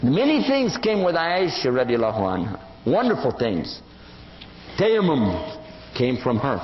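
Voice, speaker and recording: A man's voice: mid-range voice, a little slow. An older man giving an Islamic lecture, telling stories and acting out the voices of the people in them. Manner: animated storytelling, acting out quoted voices. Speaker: Islamic preacher. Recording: echoey hall, dull lo-fi sound.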